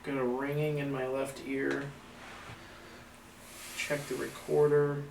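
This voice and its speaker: A man's voice: a little high, vocal fry. A man hosting a live paranormal investigation in an old house, talking casually with restarts and reading viewer comments aloud. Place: old house at night, indoors. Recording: roomy, distant, faint background noise.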